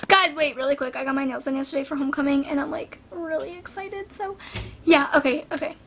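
A teenage girl vlogger chatting casually through viewer questions, her voice still hoarse from a sinus infection, rambling with constant "like" fillers. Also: high voice, steady tone, fast talker, noisy background. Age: teens. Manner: rambling, filler-heavy, lots of "like".

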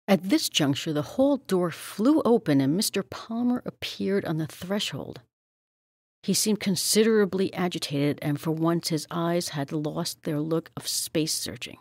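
A woman reading a story aloud in a steady, measured way. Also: on the low side, no room sound, studio quality. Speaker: audiobook reader.

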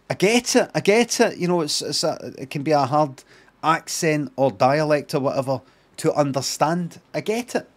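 A man's voice: a little high, animated, moderate pace. A middle-aged Scottish man streaming live, reacting to a trailer with sarcastic, sweary ranting.

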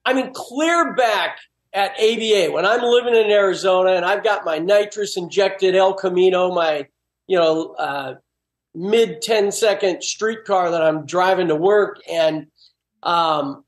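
A man talking as a guest in a casual chat, an animated storyteller. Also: high-pitched, a little slow, echoey room.

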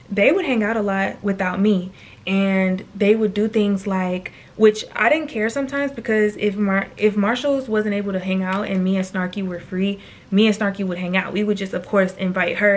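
A woman in her twenties telling a personal story to camera in a chatty, slangy way, often turning aside to address viewers. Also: medium pitch. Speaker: storytime vlogger.

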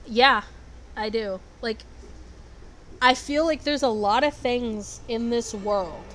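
A young woman with a slightly high voice talks through an online quiz in casual vlog style. She is blunt and sarcastic and swears constantly. Steady noise sits behind her voice. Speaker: vlogger. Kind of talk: casual commentary answering quiz questions. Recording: noisy background.

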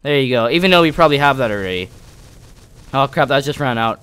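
A young man from Canada casually commentating his own gameplay, excitable and yelling at near misses. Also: medium pitch, fast, clean tone. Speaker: gaming YouTuber.

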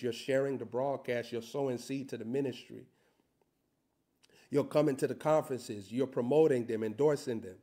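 A man preaching a sermon, reading scripture slowly and building to loud, shouted emphasis. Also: mid-range voice.

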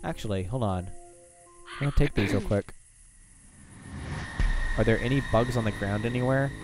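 A man's voice: on the low side, normal speed, over music. A man co-hosting a casual let's-play, joking and chatting with the game's characters. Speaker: co-host of a gaming show.

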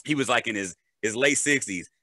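A man's voice: medium pitch, brisk, sharp tone, slightly rough, no echo. An adult man, a father, explaining crypto casually with a joking manner and frequent "right?" and "okay?" check-ins. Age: adult, a parent. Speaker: crypto educator.

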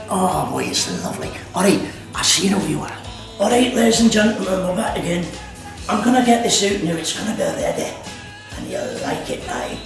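A man's voice: high-pitched, gravelly. A man hosting a homemade cooking demonstration, chatty and joking as he sips whisky between steps. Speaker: cooking show host. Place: kitchen at an activity centre. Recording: echoey room, mic at a distance, music behind.

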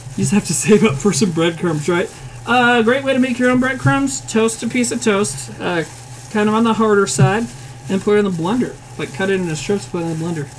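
With a medium-pitched voice at a slightly fast pace and a bit of hiss or hum, a Northern Plains Midwestern woman from the Upper Midwest runs a cooking stream. She swears freely, speaks bluntly and answers viewers while food sizzles faintly in her home kitchen.

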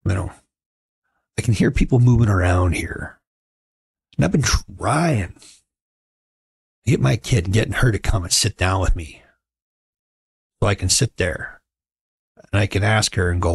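A man's voice: deep voice, moderate pace, creaky, pauses often, breathy edge, dry recording, studio quality. A man in his forties hosting a casual show from home, telling stories in a wry, joking, conversational way. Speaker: podcast host. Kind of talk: casual storytelling monologue.

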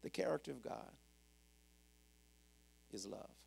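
A male pastor preaching a sermon, his delivery swinging from hushed to shouted, with cries of "woo" between points. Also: lowish voice, big pitch swings, slow pace, vocal fry, slightly rough.

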